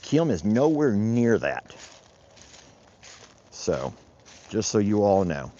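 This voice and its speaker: A low-voiced man rambles along as he works his pasture, his pitch rising and falling a lot while he talks. It is a casual rancher vlog taped outdoors, and the sound is a bit dull and lo-fi. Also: very animated, slow, mellow, slight background noise. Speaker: rancher vlogger. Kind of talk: casual vlog narration while doing chores.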